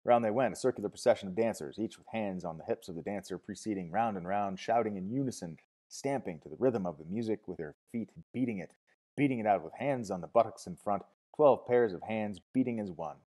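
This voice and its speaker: A man narrating a novel as an audiobook, expressive, dropping to hushed tones and rising to loud cries. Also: on the low side, brisk. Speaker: audiobook reader.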